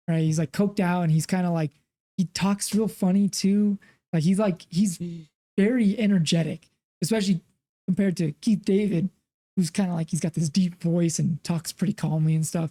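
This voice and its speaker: A man's voice: high voice, mellow. A man co-hosting a film podcast, retelling scenes in a rambling, casual way with lots of fillers. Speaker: podcast co-host. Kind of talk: casual film review chat.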